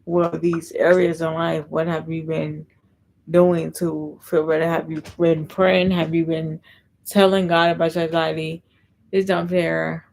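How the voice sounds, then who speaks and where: Low, gravelly woman chatting on a live stream. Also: flat delivery, unhurried, darkish tone, low-quality recording. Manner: chatty, reads and answers viewer comments. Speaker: livestream host. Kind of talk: casual livestream chat.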